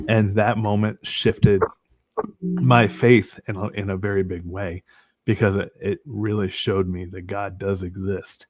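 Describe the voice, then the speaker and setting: Man, very low voice, dry close sound; earnest podcast guest sharing faith testimony, halting with restarts. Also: flat delivery, darkish tone, no room sound. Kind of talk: personal faith testimony in an interview.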